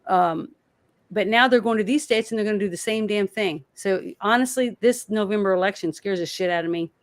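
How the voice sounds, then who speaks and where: A woman co-hosting a political podcast rants in heated, fired-up bursts, swearing rapidly in anger. Her voice is medium-pitched, with no room sound.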